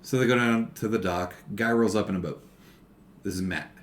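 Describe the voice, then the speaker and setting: A man's voice: on the low side, moderate pace. A man co-hosting a movie review podcast, steadily summarizing the plot with many fillers. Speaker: podcast co-host. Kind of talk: casual movie review chat.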